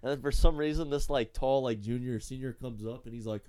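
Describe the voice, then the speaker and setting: A man trades school stories in easy, profane casual chat. His pitch and tone are middling. He keeps the talk relaxed and loose. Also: fast talker, few pauses, clear, resonant tone. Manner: laid-back, profane storytelling. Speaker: co-host reminiscing about school days.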